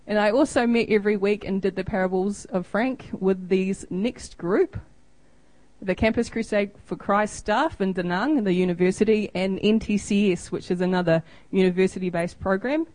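Woman, 30s, New Zealand accent, relaxed self-deprecating presenter, dry recording. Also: medium pitch, normal speed, no room sound, low-quality recording. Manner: chatty, self-deprecating, acts out quoted exchanges. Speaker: missionary giving a church report. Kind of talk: informal presentation with photos.

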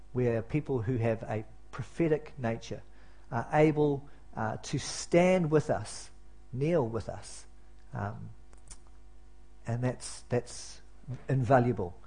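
A man's voice: mid-range voice, gravelly, darkish tone, breathy edge. A man preaching as pastor in a church, conversational and self-deprecating, with many fillers and restarts. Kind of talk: sermon.

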